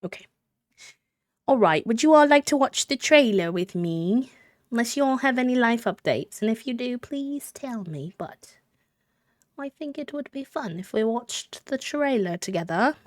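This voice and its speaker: A woman streamer chatting casually with her live viewers, greeting them warmly and often pausing with ums and restarts. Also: fairly high pitch, expressive, dry recording, clean studio sound. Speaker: Twitch streamer.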